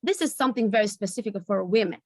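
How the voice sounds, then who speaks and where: A woman leading a storytelling workshop over a video call, searching for words with many pauses and fillers. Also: mid-range voice, lively intonation, a little mellow, dry recording, studio quality. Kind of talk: online workshop teaching.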